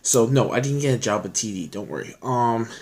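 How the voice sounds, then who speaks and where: A man's voice: medium pitch, expressive, brisk, darkish tone. A young man chatting casually in a vlog, telling rambling stories full of fillers. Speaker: vlogger. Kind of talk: casual chat showing his collection.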